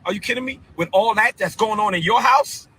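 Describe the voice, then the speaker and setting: A bishop ranting on a live stream in a fiery, confrontational preaching cadence, full of incredulous repeated outbursts. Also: male voice, sits high, fairly quick, bright, forceful tone, breathy edge, rough recording. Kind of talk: heated live-stream rant.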